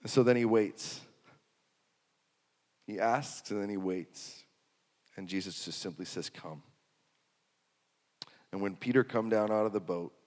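Man, preacher, low voice, sermon, long reverb, hushed then loud. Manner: swings from hushed to loud and emphatic, repeats phrases.

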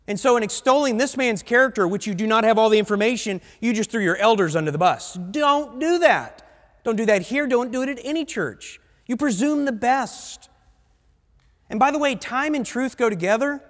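A man's voice: extremely high pitch, brisk, in a large hall. A male pastor from the United States preaching a sermon bluntly, with conversational asides to his congregation. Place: church sanctuary.

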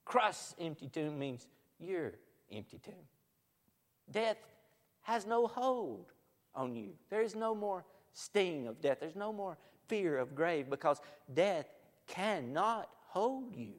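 A man preaching a sermon, swinging from loud proclamation to hushed near-whispers, recorded in a church sanctuary. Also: fairly high pitch, very animated, slow. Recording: long hall reverb.

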